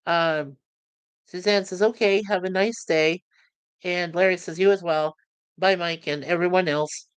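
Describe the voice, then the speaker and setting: This podcast host reviewing a TV series has a high-pitched, fairly bright, smooth voice with mostly even intonation, captured in a dry recording. He's running a casual livestream, friendly and chuckling, reading out chat messages with filler pauses between trivia.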